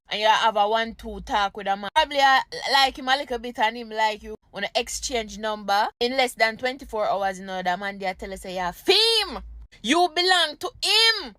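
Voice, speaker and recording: A woman's voice: a little high, fairly bright tone, dry recording. A woman with a Jamaican accent chatting casually, laughing often and mixing patois into her talk. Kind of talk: casual chat.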